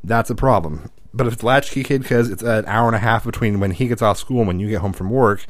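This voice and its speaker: Guy rambling fast through a sweary story, lowish voice, dry sound. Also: no room sound. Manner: loose, profane, rambling storyteller. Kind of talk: casual storytelling chat.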